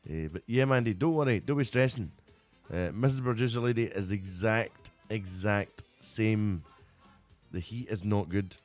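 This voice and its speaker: A man's voice: on the low side, moderate pace, a little mellow, faint music behind. A Scottish man hosting a live radio stream in casual, rambling chat, often breaking into giggles, and a little tired. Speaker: radio show host.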